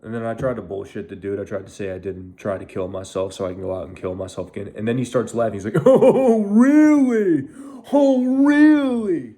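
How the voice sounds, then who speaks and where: A man's voice: low voice, fairly even intonation, fast talker, few pauses, warm tone. A young man, a veteran, telling his own story on camera in an angry, bitter, heavily profane way. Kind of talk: emotional first-person storytelling.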